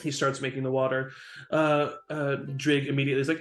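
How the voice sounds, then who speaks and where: A man's voice: medium pitch, little pitch movement, fairly quick, a bit bright. A man narrating as game master of a tabletop game, in a loose style with lots of fillers. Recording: roomy with faint music.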